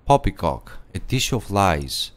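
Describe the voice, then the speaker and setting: A man's voice: deep voice, sing-song, a little slow. A man voicing a pompous knight of a secret order in a video game, grandiose and theatrical, slipping into game-show host patter. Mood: solemn. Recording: game audio over loud music.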